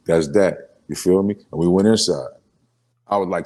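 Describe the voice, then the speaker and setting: Sitting in a casual interview, this New Orleans, Louisiana rapper shares emotional stories full of street slang and fillers. His male voice is low and slightly mellow, moving at a moderate pace.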